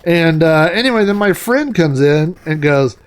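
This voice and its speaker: A middle-aged man with a slightly high voice chats through a long anecdote while gaming. His delivery is loose and rambling, full of fillers and asides. It sounds like a relaxed host talking over gameplay. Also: moderate pace. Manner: rambling, chatty, with many fillers and laughs. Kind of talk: casual anecdote while playing a game.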